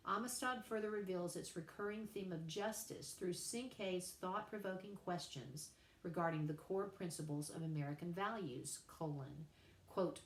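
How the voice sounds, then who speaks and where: A woman writing teacher giving a recorded lecture, deliberate and emphatic, repeating key points for her students. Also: on the low side. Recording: echoey room.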